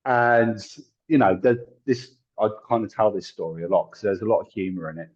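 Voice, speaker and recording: Husky man telling stories. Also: lowish voice, a little fast. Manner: chatty, laughs often, acts out quoted voices. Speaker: guest, tarot reader and psychic medium. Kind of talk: casual storytelling in an interview. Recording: dull lo-fi sound.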